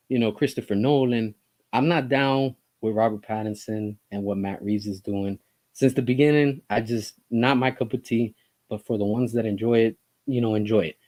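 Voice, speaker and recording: A man's voice: fairly low pitch, darkish tone. A man giving an opinionated commentary monologue as a vlogger, talking in an impassioned, emphatic way full of rhetorical questions.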